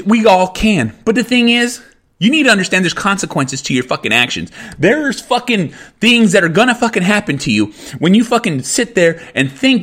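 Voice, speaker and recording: Heated male podcast host, profane and emphatic, higher-pitched voice. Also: a bit bright. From California. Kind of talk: angry podcast rant.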